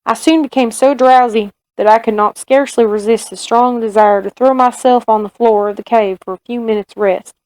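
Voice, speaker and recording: A woman reading aloud as a male frontier soldier telling his own story, in a Southern US accent with steady, measured narration. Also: a little high, no room sound, natural voice, poor audio. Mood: grave.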